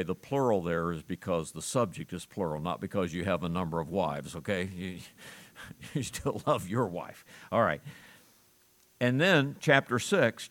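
Slow, deliberate male preacher. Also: fairly low pitch, fairly bright tone. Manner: earnest preaching with pauses, restarts and rising emphasis. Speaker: pastor. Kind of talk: sermon.

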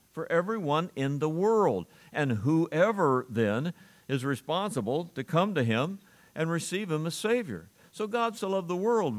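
Man preaching an earnest sermon. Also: fairly high pitch. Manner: earnest preaching with emphatic repeated phrases and chuckles. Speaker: pastor.

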